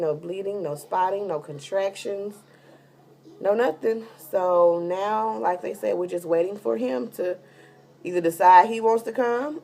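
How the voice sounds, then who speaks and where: Woman, low-pitched, heavily pregnant and tired, chatty casual vlog storytelling, lots of fillers. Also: warm tone. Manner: chatty, rambling with many fillers. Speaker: vlogger giving a pregnancy update.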